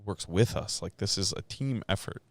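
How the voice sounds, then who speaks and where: A low-pitched man talks on a casual podcast. His voice sounds dry and close. He rambles through heated stories, full of swearing and fillers. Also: moderate pace, gravelly, dry recording. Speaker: podcast co-host.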